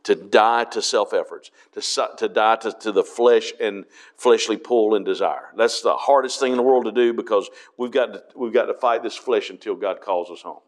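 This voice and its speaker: A man's voice: on the low side, moderate pace. A man preaching a Bible study, reading verses aloud and explaining them with frequent restarts.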